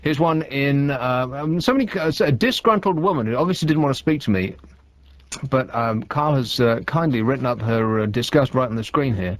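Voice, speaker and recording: A man's voice: mid-range voice, animated, brisk, no room sound. A man hosting a late-night radio phone-in, talking in a dry, sarcastic, rambling way. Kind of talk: casual radio chat. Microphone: studio microphone.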